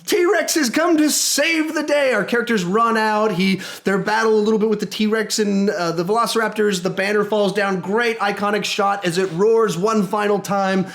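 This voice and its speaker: A man giving a casual spoken movie review, enthusiastic and animated, often restarting his sentences and acting out quotes. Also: sits high, moderate pace, hardly any pauses.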